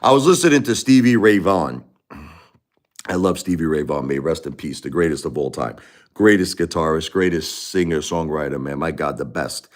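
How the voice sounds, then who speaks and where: A man's voice: extremely low pitch, a little fast. A man in his forties with a Brooklyn New York accent, chatting casually and rambling on a live stream, full of "you know"s and restarts. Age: 40s.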